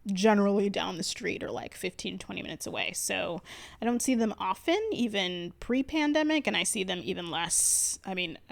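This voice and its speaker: A woman's voice: medium pitch, expressive, normal speed, vocal fry. A woman from Connecticut narrating a planner vlog as a casual voiceover, rambling and chatty, laughing often. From Connecticut, USA. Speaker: planner vlogger. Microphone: voiceover mic.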